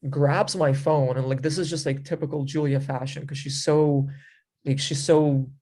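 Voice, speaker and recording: A man's voice: medium pitch, fairly even intonation, normal speed, mellow. A man telling a story in a casual chat. He rambles with many fillers and acts out his own past remarks. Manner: rambling, filler-heavy with frequent 'like' and 'you know'. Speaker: interview guest telling a story.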